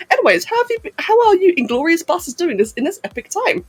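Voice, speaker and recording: Giggly, animated woman streamer. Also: very high voice, quick pace, few pauses. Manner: giggly and hyper, answers chat messages as she reads them. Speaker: live streamer. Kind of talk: casual live-stream chat.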